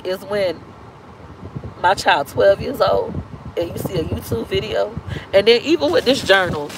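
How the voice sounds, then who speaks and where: A woman's voice: medium pitch, gravelly, slight background noise, low-quality recording. A woman in her thirties talking candidly in a personal vlog, emotional, repeating herself and acting out what others said. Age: 30s. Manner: emotional, repeats herself, acts out quoted speech. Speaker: vlogger.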